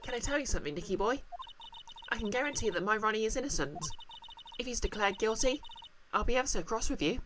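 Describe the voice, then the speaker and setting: A man's voice: sits high, expressive, quick pace, noisy background, voice pushed up. A man voicing a flirty, affectionate woman in a game read-aloud, sweet and coy in manner. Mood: doting. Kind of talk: reading game dialogue aloud.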